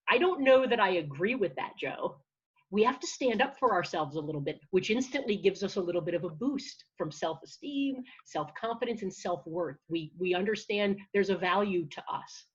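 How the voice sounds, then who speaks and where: A woman who works as a confidence and public speaking coach, talking in an energetic, encouraging way with frequent restarts, heard over a video call. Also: mid-range voice, breathy edge, lo-fi sound. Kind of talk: conversational interview answer.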